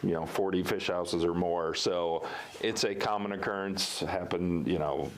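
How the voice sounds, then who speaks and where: A man's voice: sits low, steady tone, a little slow, a little hiss or hum. A middle-aged man from Minnesota, a university vice president, telling stories in a casual interview with many fillers and restarts.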